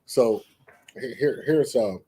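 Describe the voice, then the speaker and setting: This co-host, a man with family roots in Texas, joins an interview over a video call and speaks in emphatic, rambling bursts full of restarts. His mid-range voice is slow and mellow with a breathy edge, suiting the casual interview chat.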